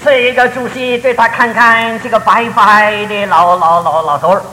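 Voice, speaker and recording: A man preaching a sermon in short storytelling phrases, pausing for an interpreter. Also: high voice, steady tone, bright, forceful tone. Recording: roomy hall reverb with faint noise.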